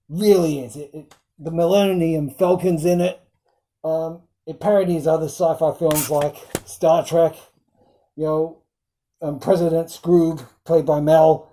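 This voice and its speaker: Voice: medium pitch, warm tone. A film reviewer talking casually, rambling with many fillers and fondly quoting film lines. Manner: fond, quotes film lines.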